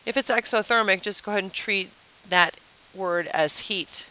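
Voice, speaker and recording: A woman's voice: mid-range voice, moderate pace, pushed and bright, low-quality recording. A woman teacher giving a chatty review lesson at a whiteboard, asking the class questions and explaining with playful everyday comparisons.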